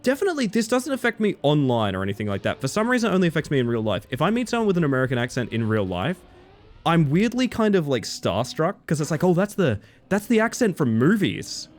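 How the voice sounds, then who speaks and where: Streaming a game, this chatty Australian guy swears freely and chants goofy words mid-play. His pitch runs highish with huge swings, and he talks at a quick pace.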